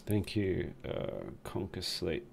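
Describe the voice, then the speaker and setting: Guy on a stream just chatting, low voice, bit of fry in it. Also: sing-song, slow, darkish tone, a little hiss or hum. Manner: rambling, joking, reads chat aloud. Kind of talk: casual live-stream chat.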